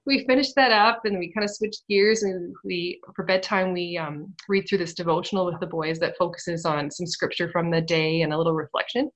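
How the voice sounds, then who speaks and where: A woman's voice: on the low side, steady tone, fairly quick, hardly any pauses, dull audio. A woman in her thirties on a radio program, telling a family story casually, laughing often and turning emotional.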